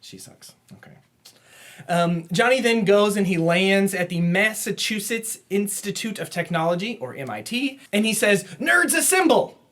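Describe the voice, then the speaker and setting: A man co-hosting a comic book podcast, casually recapping plots and quoting characters in quick put-on voices, laughing often. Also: high-pitched, lively intonation, fairly bright tone. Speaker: podcast co-host. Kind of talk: casual comic review chat.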